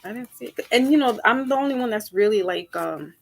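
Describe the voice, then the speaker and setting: A woman's voice: expressive, brisk, gravelly. Chatty, rambling woman tarot reader. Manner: chatty, rambling, jumps between topics; laughs easily, swings up high for emphasis. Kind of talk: casual chat with viewers before a reading.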